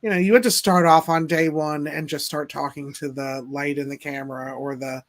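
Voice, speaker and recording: A woman's voice: low voice, steady tone, normal speed. A woman hosting a podcast, chatting casually in a gushing, jokey way. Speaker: podcast host.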